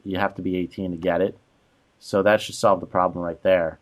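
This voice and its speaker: Deep-voiced and brisk, with a flat delivery, a male co-host on a casual podcast complains about rude strangers. His exasperated storytelling is thick with "like."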